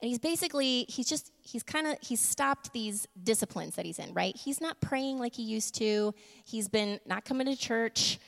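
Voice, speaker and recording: A woman giving a casual sermon, laughing often and moving between quick asides and slow, emphatic lines. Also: a little high, expressive, vocal fry. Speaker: church speaker. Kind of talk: casual sermon with humor and props. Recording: long reverb of a large room.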